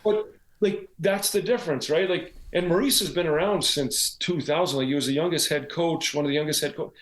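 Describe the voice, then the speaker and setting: A man's voice: on the high side, fairly quick, echoey room. A man, a former pro hockey player turned coach, telling stories in a casual podcast conversation, often adding "like" and "right?". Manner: animated storyteller, frequent "like" and "right?".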